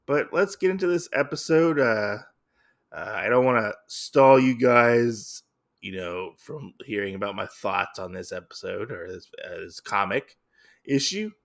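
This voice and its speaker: A man's voice: fairly low pitch, animated, unhurried, creaky, a bit bright. A man hosting a podcast, recapping a comic casually, rambling and hesitant with lots of fillers. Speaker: podcast host.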